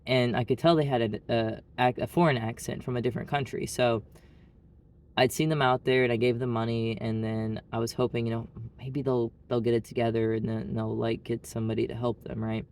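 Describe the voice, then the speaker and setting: A male vlogger from Arkansas, with a Southern Arkansas accent, tells a story in a blunt, rambling, casual monologue packed with "like." His voice is medium-pitched and brisk, a little mellow, with little pitch movement.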